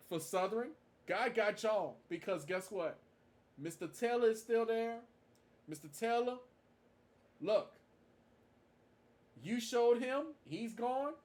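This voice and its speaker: Man, high-pitched, emphatic vlog tribute with lots of repetition. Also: darkish tone. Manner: emphatic, repeats his points for stress. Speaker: marching band fan vlogger. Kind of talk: casual tribute monologue to camera.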